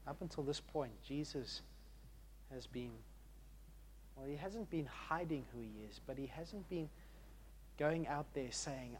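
A man preaching a sermon in an emphatic way, moving between hushed and loud passages and often repeating words. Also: fairly high pitch, a little slow, pauses often, a little hiss or hum.

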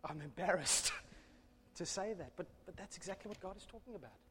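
A man preaching an emphatic, animated sermon in a church, with self-deprecating asides. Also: high-pitched, a little fast, long reverb tail, background noise. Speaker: pastor.

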